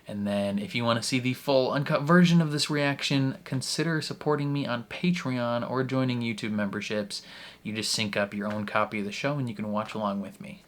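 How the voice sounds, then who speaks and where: A man's voice: fairly low pitch, fairly bright tone. A young man hosting a reaction channel, talking casually to camera in a rambling, jokey way with laughs between phrases.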